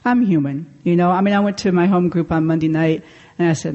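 A woman's voice: deep voice, steady tone, quick pace, mellow. A woman speaking at a convention, sharing her story in a candid, self-deprecating way with frequent laughs. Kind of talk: personal recovery talk. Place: convention meeting room.

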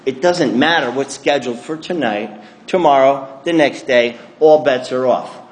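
A man's voice: mid-range voice, moderate pace, roomy sound. Self-mocking man telling a story. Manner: self-mocking, animated, acts out his own thoughts. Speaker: speaker telling his recovery story. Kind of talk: comic storytelling talk to an audience.

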